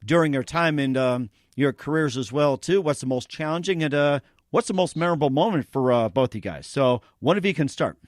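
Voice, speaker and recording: A man hosts a casual interview, chatting freely, laughing often and tacking on extra words as he goes. His voice is fairly high for a man. The recording is dry, with no room sound. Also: expressive, fairly quick, hardly any pauses, no room sound. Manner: chatty, repeats "as well, too", laughs often. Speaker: talk show host.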